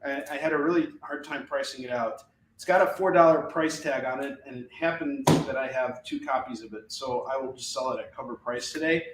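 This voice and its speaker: A man's voice: mid-range voice, a little fast, roomy sound, distant mic, heavy background noise. A man with a Chicago accent hosting a casual live sale of comic books, with rambling, upbeat salesman patter. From Chicago, US Midwest. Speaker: host selling comic books. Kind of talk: casual live-selling chat.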